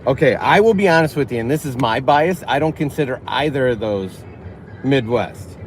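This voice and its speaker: A man's voice: mid-range voice, expressive, moderate pace, rough recording. A man hosting a casual livestream from his car, chatting and answering viewers' chat as he drives. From northern Illinois. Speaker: livestream host. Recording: car road noise behind.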